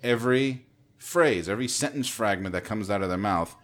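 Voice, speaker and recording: A man's voice: on the low side, a little fast. A man ranting in casual podcast chat, swearing freely and mimicking other people's voices. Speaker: podcast co-host.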